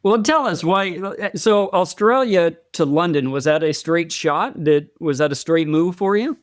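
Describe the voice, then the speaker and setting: A man's voice: on the high side, lively intonation, a little slow, no echo, clean studio sound. A man hosting a podcast interview, chatty and friendly, often repeating words as he talks. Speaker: podcast host.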